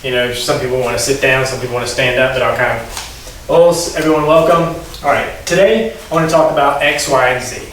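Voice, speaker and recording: A man teaching a karate class, explaining the steps and calling counts that rise sharply in pitch. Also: brisk, a bit bright, slight background noise. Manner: instructive, calls Japanese counts rising sharply in pitch. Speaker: karate instructor. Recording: very echoey room, distant mic.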